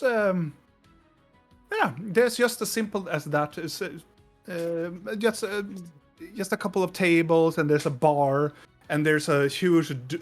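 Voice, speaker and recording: Slow, halting male game master. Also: on the high side. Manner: halting, many fillers and restarts. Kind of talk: narrating a tabletop game.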